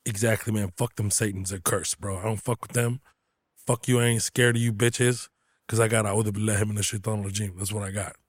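A man hosting a comedy podcast, joking loudly and profanely in casual chat. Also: lowish voice, brisk, no echo, studio quality. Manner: loud, profane, animated joking. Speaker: podcast host.

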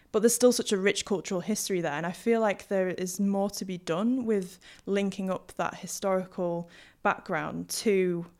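A woman's voice: fairly low pitch, darkish tone. A young woman with a Yorkshire accent tinged with Hull, a linguist talking through her ideas with lots of ums and restarts. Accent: Yorkshire with some Hull. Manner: thoughtful, many fillers and restarts. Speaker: guest historical linguist. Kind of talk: casual podcast interview.

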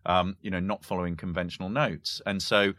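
Deep-voiced and fairly quick, a male history professor talks informally about language games. He's lively and prone to giggles, often stopping and restarting, and there's no echo.

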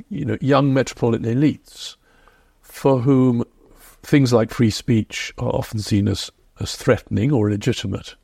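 A man being interviewed as a historian, explaining in a reflective, measured way. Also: mid-range voice, creaky, a little mellow, breathy edge, no room sound, clean studio sound. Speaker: historian guest. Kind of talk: podcast interview.

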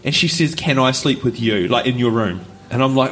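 Talking a little fast in a mid-range voice, a man co-hosting a podcast at a live show with an audience tells a casual story. He's animated, laughing often and doing voices along the way, with slight background noise audible.

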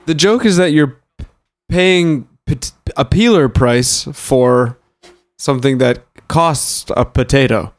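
A man's voice: mid-range voice, takes it slowly. A man from Canada trading sardonic, profane jokes in improvised comedy banter.

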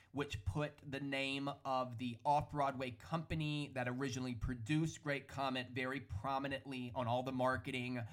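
A man hosting a solo podcast, ranting in an animated, opinionated way with a hoarse, worn-out voice. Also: medium pitch. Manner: animated, opinionated, hedging with "allegedly". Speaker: podcast host. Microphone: studio podcast microphone.

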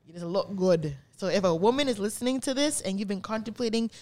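A young woman hosts a podcast with blunt, profane excitement. She talks casually and fast-shifting, at a middle pitch for a woman, gushing over things she loves. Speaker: podcast host. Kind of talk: casual chat.

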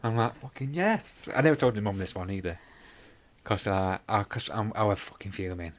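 A man's voice: fairly low pitch, a little fast. A man co-hosting a podcast, telling rambling stories full of swearing and acted-out dialogue. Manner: rambling anecdotes, heavy swearing, acts out dialogue. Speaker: podcast co-host. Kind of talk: casual chat.

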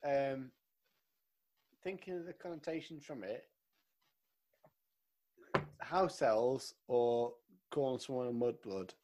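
A man's voice: slow pace, long pauses, warm tone. A man co-hosting a podcast, joking, laughing often and teasing his friend in casual talk. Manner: jokey, laughs often, swings up and down in pitch. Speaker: podcast co-host. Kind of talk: casual banter.

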